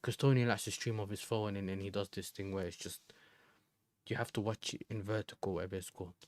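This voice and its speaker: A man's voice: lowish voice, steady tone, fast, a little mellow, dry recording, studio quality. A young man from the Netherlands, chatting casually and rambling in slang as a football live-streamer.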